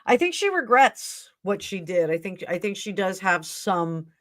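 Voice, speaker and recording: A woman's voice: mid-range voice, very animated, a little slow, no room sound. A woman hosting a live stream tarot reading who talks in an emotional, effusive way. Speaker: tarot reader and stream host.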